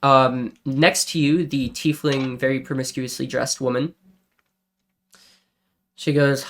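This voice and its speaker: A man's voice: medium pitch, flat delivery, takes it slowly, long pauses, slight background noise. Casual man running a tabletop game. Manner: casual, describes scenes with fillers. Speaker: game master.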